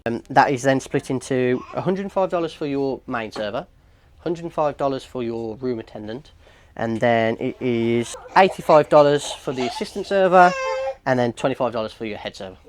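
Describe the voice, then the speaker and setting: A man talking casually to camera for a family travel vlog, relaxed and chatty. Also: medium pitch, normal speed, slight background noise. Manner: relaxed, chatty with frequent ums. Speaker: vlogger. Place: cruise ship and restaurant.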